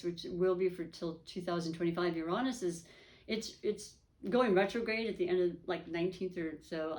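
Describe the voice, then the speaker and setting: Low-voiced emotional tarot reader woman. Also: darkish tone. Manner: emotional, rambling, self-correcting. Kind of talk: casual tarot reading.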